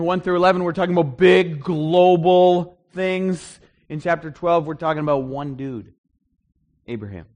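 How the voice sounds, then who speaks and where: A middle-aged man, a pastor, preaching a conversational sermon to a congregation in a church hall. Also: on the high side. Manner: conversational teaching, animated and emphatic at points.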